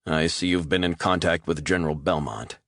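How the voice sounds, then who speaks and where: A man's voice: sits low, steady tone, brisk, fairly bright tone, dry recording, studio quality. A man voicing a hard male operative who speaks in curt, threatening commands. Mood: menacing.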